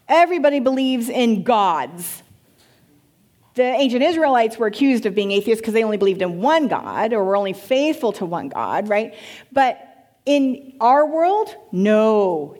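A woman pastor teaching a church congregation in an animated way, asking the room questions. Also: on the high side.

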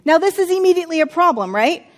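High-voiced woman teaching Scripture. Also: animated, fast talker. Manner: chatty and humorous, with personal asides. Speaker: Bible teacher. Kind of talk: conversational Bible teaching.

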